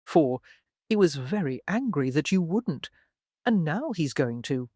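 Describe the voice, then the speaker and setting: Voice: mid-range voice, big pitch swings, unhurried, darkish tone, dry recording, clean studio sound. An audiobook narrator voicing a blunt, innocent small boy.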